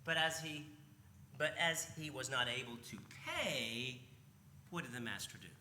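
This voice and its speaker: A man's voice: medium pitch, unhurried, pushed and bright, reverberant, slight background noise. A man preaching a sermon in a conversational way, often asking his listeners rhetorical questions. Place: church sanctuary.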